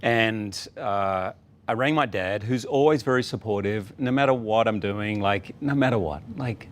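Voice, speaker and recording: A man's voice: lowish voice, moderate pace, slight background noise. A man in his fifties from Australia with an Australian accent, a guest on a talk show telling a story in an easygoing, anecdotal way. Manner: warm anecdotal storytelling, acts out quotes. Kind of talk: casual talk show interview.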